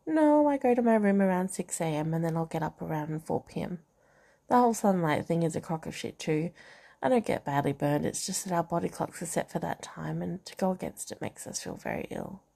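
A woman's voice: on the low side, lively intonation, fairly quick, gravelly, warm tone. A woman reading a novel aloud in a casual way, with asides and comments on the text. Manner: reads dialogue and narration, breaks off to comment and laugh. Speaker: reader of a novel.

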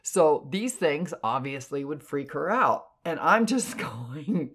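A woman clairvoyant telling stories in an animated, expressive way. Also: slow, breathy edge. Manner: animated, expressive, jumps in pitch for emphasis. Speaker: clairvoyant podcast guest. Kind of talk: casual storytelling.

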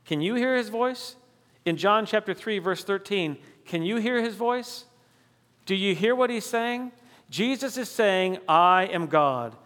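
Male pastor, high voice, emphatic sermon delivery, reverberant church hall. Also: a bit bright. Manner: emphatic preaching, rising on key declarations, dropping low and slow for scripture.

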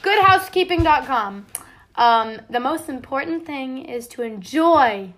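A woman's voice: high-pitched, expressive, unhurried, fairly bright tone. A young woman co-hosting a casual podcast, chatty and upbeat, laughing often. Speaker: podcast co-host. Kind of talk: casual chat.

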